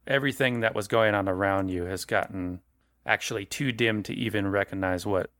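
A man's voice: lowish voice, a little fast, a bit bright, dry recording, studio quality. A man narrating as game master for a tabletop horror game, casual and rephrasing as he goes. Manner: conversational, restarts and rephrases.

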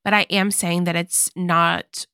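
Bright-voiced young woman podcaster. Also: on the low side, flat delivery, unhurried, no room sound, clean studio sound. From Kentucky, United States. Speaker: podcast co-host. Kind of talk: casual chat.

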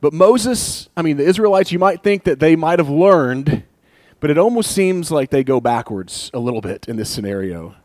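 A man preaching a sermon in a conversational, storytelling way, building to animated emphasis. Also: a little high, normal speed, no room sound. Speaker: pastor.

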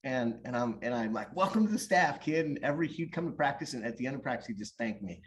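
A man in casual conversation, spinning a long story in an animated way. His voice sits at an ordinary middle pitch, and he keeps restarting his sentences as he goes. It sounds like relaxed, unscripted talk. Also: quick pace. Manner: animated, rambling with many restarts. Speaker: guest or co-host, youth soccer coach.

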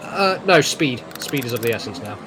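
A man's voice: medium pitch, lively intonation, normal speed, background noise. A man playing a tabletop game as the ship's pilot, decisive and wry. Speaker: player, ship pilot. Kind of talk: casual tabletop play.

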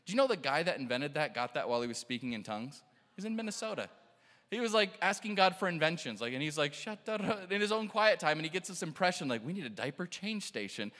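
A man preaching an animated sermon, telling stories, acting out quotes and laughing often. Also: a little high, fast talker, big-room sound. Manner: excitable, laughing, acts out quotes. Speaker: pastor.

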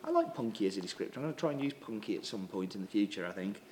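A man's voice: on the low side, very fast, slight background noise. A man hosting a coffee show, chatting casually and reading out viewer comments with plenty of fillers. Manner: relaxed, chatty, with many fillers and throat clearing. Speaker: coffee subscription show host.

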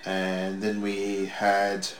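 Low-voiced Australian man, rambling chat. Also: completely flat delivery, extremely slow, roomy sound, soft background music, low-quality recording. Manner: rambling, hesitant storytelling with many fillers. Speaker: podcast co-host. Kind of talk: casual wrestling watch-along chat.

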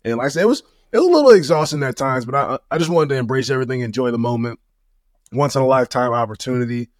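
Fast-talking humble man, dry sound. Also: mid-range voice, expressive, darkish tone, dry recording. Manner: humble, easygoing, many "you know" fillers. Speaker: guest, former pro running back. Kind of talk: casual interview chat.

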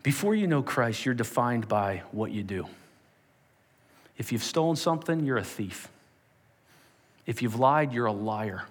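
A man preaching an animated sermon as pastor to a live audience. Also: medium pitch, unhurried, pauses often. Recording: long reverb of a large hall.

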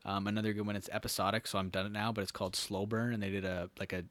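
A young man talking fast in easygoing, casual chat, with plenty of filler words. His voice sits a little low and sounds dry and close to the mic. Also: level tone, fairly bright tone, no echo. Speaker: podcast guest.

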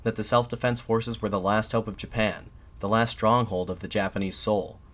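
A man voicing a defiant nationalist addressing soldiers from a balcony, in an impassioned, shouted pleading manner. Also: lowish voice, fairly even intonation, moderate pace, close to an everyday voice. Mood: fervent, shouting.

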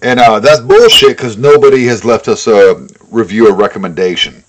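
A man's voice: lowish voice, normal speed, crowd noise. A man co-hosting a podcast, talking bluntly and profanely in casual chat with frequent tangents. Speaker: podcast co-host.

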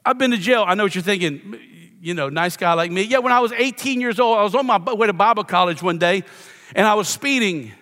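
Middle-aged male pastor from Louisiana, high-pitched, wry self-mocking sermon storyteller, long reverb of a church hall. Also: fast, a bit bright. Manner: self-deprecating storyteller, playful asides. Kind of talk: sermon with humorous personal story.

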